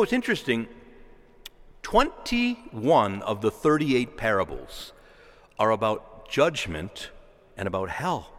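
Male preacher, emphatic and lively delivery, reverberant church sound. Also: medium pitch. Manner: emphatic, building to impassioned exhortation. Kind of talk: sermon.

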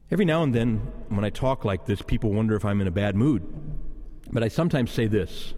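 A man, a Catholic priest, giving a sermon in conversational style, slowing to hushed, prayerful passages. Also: fairly low pitch, expressive, in a large hall. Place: church during Mass.

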